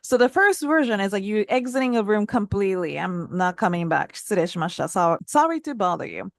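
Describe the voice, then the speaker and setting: Woman teacher, casual lesson delivery, bouncy pitch on examples, dry close sound. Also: brisk, creaky, no room sound. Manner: models phrases with lively pitch jumps, laughs lightly. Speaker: Japanese language teacher.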